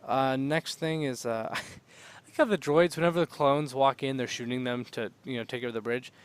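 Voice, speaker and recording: A man's voice: mid-range voice, steady tone, fairly quick, clear, resonant tone. A young man co-hosting a podcast, rambling in casual chat and laughing often. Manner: rambling, laughs often, acts out silly droid voices. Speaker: podcast co-host.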